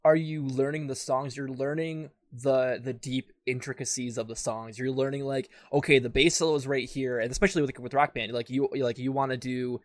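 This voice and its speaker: A man's voice: medium pitch, fairly even intonation, brisk, hardly any pauses, dry recording. A young man in casual podcast chat, enthusiastic and sometimes losing his train of thought. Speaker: podcast co-host.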